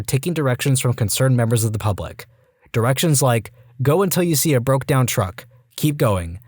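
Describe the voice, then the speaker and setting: A man reading reddit stories aloud in an even, steady voice. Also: medium pitch, no echo, studio quality. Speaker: reddit story narrator.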